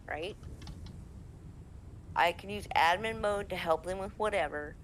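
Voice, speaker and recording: A woman from the American Midwest, a game server admin, telling a lively story in casual chat and acting out the quotes. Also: on the low side, unhurried, long pauses, slight background noise. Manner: lively, laughing, acts out quotes.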